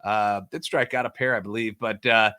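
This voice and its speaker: A man's voice: lowish voice, fairly even intonation, moderate pace, pushed and bright, clear, resonant tone. A man hosting a solo sports podcast, ranting sarcastically and animatedly about overreactions. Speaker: podcast host.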